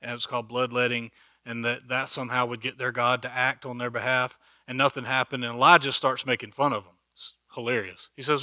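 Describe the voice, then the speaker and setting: A man leads an informal Bible study in a church meeting room, his voice very bright and forceful and close with almost no room sound. He talks in a chatty, animated way and plays out quoted lines with humor. He keeps checking in with his listeners as he goes. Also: medium pitch, a little fast, no room sound. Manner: acts out quoted speech with humor.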